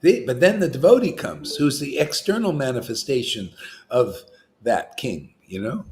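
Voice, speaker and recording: A man preaching an informal devotional sermon, animated and chatty, slipping into slang and chuckling between points. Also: medium pitch, moderate pace. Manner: animated, acts out quoted voices; chuckles often, casual slang. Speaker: spiritual teacher.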